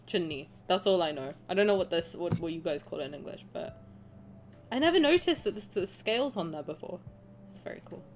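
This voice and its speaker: A young woman streamer playing a story game, reading the narration aloud and reacting in a chatty, animated way, often laughing. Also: lowish voice, brisk, a little hiss or hum.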